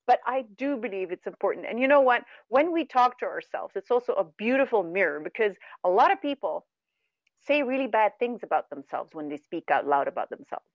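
A middle-aged woman who is not a native English speaker, a guest talking earnestly and warmly about spiritual self-talk in a radio conversation. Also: mid-range voice, a little fast, no echo, highs cut off. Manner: earnest, animated, laughs at herself. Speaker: guest, meditation teacher.

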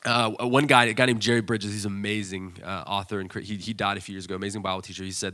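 A man preaching a sermon as pastor, telling stories in an animated way with loud, excited bursts when he acts out scenes. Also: on the low side, racing, few pauses.

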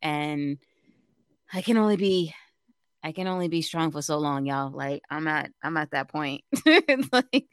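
A woman's voice: sits low, animated, unhurried, clear, resonant tone, dry recording. Woman, young adult, radio co-host, casual chat, laughing, exasperated, dry close sound. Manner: chatty, laughing, exasperated venting.

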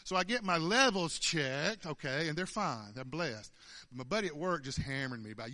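A man in his 50s speaks at church at a normal pace, telling a homespun testimony in a conversational style. He stammers, repeats himself, and laughs often, with an expressive, pushed, and bright voice on the high side.

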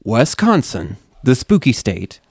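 A man's voice: mid-range voice, wildly swooping pitch, takes it slowly, slightly rough, dry recording, clean studio sound. A man co-hosting a podcast in casual comedic chat, going from crude jokes to mock-ominous storytelling. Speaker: podcast co-host.

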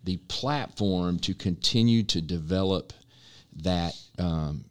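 A man's voice: low voice, slow, clear, resonant tone. A man co-hosting a casual podcast, affirming others and thinking aloud with enthusiasm. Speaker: podcast co-host.

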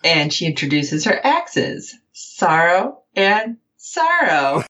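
A woman co-hosting a casual recap show, animated and acting out the characters' lines as she tells it. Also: on the low side, slow, highs cut off. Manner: animated, quotes characters in playful voices. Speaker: podcast co-host.

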